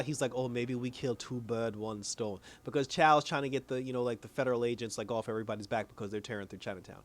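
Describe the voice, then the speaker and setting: A man's voice: medium pitch, a bit bright. A man recapping a TV episode in loose, slangy casual chat, acting out the characters' lines and chuckling as he goes. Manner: loose slangy retelling, acts out quoted lines, chuckles often. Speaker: TV episode reviewer.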